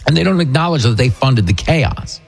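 A man hosts a political talk radio show, speaking briskly in a mid-range, expressive, creaky voice. His opinionated monologue is combative and sarcastic, with mocking impressions.

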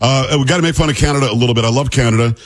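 A man's voice: medium pitch, very fast. A man hosting a radio talk show, chatty and opinionated, with a plain Midwestern radio accent. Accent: neutral Midwestern radio. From New York.

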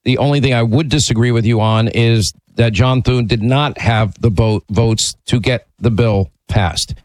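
A man's voice: mid-range voice, moderate pace, darkish tone, no echo, poor audio. A man hosting a talk radio call-in show, blunt and emphatic, often restarting his sentences.

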